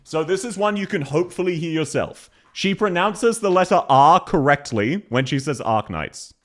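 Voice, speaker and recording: A man's voice: a little high, expressive, normal speed. An Australian man giving casual commentary as a streamer, reacting to game voice lines with mocking imitations and frequent laughter.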